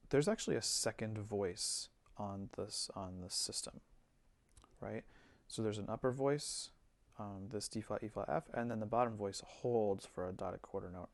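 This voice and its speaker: A man giving a relaxed screen-recorded music software tutorial, thinking aloud with fillers as he works. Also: on the low side, moderate pace, dry recording. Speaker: music teacher.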